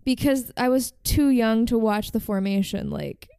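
A woman's voice: on the high side, normal speed, mellow, clean tone, dry recording. A woman hosting a podcast, telling a story in casual chat with lots of "like" fillers. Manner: chatty, frequent "like" fillers. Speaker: podcast host.

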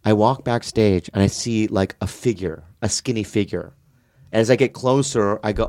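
A man's voice: fairly low pitch, moderate pace, a little mellow. A male comedian telling stories in casual podcast chat, stammering through restarts in a studio. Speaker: comedian guest.

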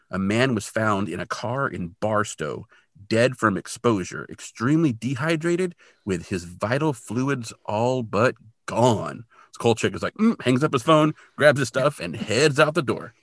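A man's voice: on the low side, lively intonation, moderate pace, no room sound, studio quality. A man co-hosting a podcast, recapping an episode in a chatty, self-deprecating way with lots of fillers. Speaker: podcast co-host.

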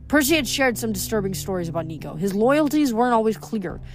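A woman reading chapters of a novel aloud with plain, even narration, then sharing her thoughts. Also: a little high, fast talker. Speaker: reader.

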